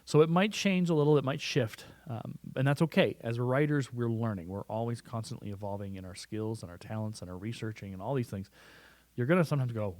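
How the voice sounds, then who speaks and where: Fast-talking man teaching writing. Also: medium pitch, a little mellow, no room sound. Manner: conversational, repeats words and restarts. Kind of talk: recorded classroom lesson. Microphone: close studio mic.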